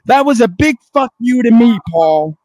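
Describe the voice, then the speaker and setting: A man with a strikingly high voice, angry and profane, lecturing someone in a heated on-air argument. The sound is dry and close, with no room around it. He keeps telling the other man to grow up. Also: expressive, moderate pace, warm tone, no echo, low-quality recording. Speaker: network owner.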